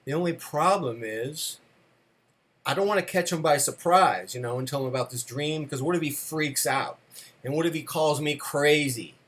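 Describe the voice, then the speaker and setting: A man with a fairly high voice delivering a comic monologue. He rambles, hesitates with frequent fillers, and mocks himself as he goes. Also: normal speed, a bit bright. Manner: rambling, self-deprecating, many uh fillers. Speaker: storyteller.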